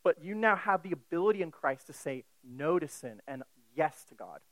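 A man's voice: fairly high pitch, animated, moderate pace, a bit bright, no room sound, low-quality recording. A man preaching a sermon in a conversational way, often asking the listeners questions.

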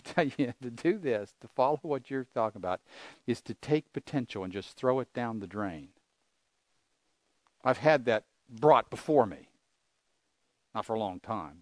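A man's voice: medium pitch, no echo. An older man preaching a sermon, earnest and conversational, asking his listeners rhetorical questions. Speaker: pastor.

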